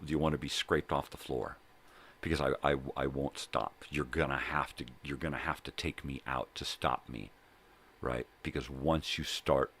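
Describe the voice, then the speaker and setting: An older man hosting his own video log, telling a personal story in a rambling, profane way and often checking in with "right?" and "you know?". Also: a bass voice. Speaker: vlog host. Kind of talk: casual personal storytelling monologue. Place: at home.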